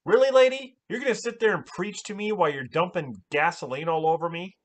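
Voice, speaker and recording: A man recapping a movie in a casual, animated way, exclaiming often and swearing a lot. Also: high-pitched, a little fast. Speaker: movie reviewer.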